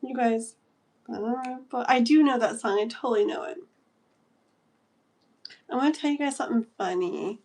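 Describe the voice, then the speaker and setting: A woman's voice: fairly high pitch, normal speed, pauses often, a little mellow. A woman in her thirties hosting a casual livestream, chatting and giggling while reading comments aloud. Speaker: livestream tarot host.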